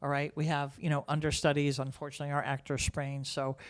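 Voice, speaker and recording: Theatre teacher lady telling backstage stories, lively and chatty. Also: low voice, fast. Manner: lively anecdotal storyteller. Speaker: theatre educator guest. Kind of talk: casual chat.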